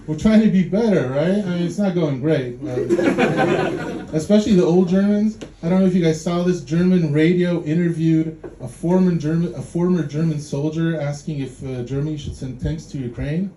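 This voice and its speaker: Comedian with dry dark humor. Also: male voice, on the high side, normal speed. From Poland. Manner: dry, dark, teasing the crowd. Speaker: stand-up comedian. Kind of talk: stand-up comedy. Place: dark club room in a city. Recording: echoey club with loud audience noise.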